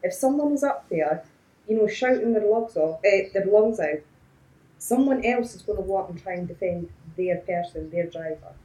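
A woman's voice: mid-range voice, normal speed. Woman making her point hard, echoey room. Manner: emphatic, animated when making a point. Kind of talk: casual panel chat.

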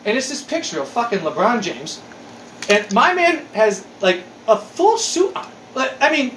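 A man's voice: very high voice, big pitch swings, moderate pace, a bit bright, a little hiss or hum. A man in his forties in casual chat, ranting with lots of swearing and exasperation. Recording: echoey room.

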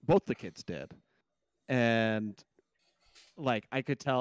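A man's voice: mid-range voice, animated, slow pace, long pauses, clean tone, no echo. Rambling male podcast co-host. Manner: rambling, many fillers and restarts. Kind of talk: casual chat.

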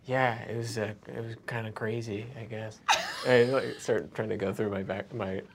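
A player in a tabletop game, talking in a halting, unsure way and often breaking into giggles. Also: medium pitch, steady tone, background noise.

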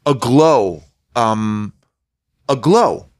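A man's voice: medium pitch, lively intonation, drawn-out words, no echo, studio quality. A middle-aged man telling rambling, self-mocking stories full of fillers as a podcast guest. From United States. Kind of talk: casual podcast chat.

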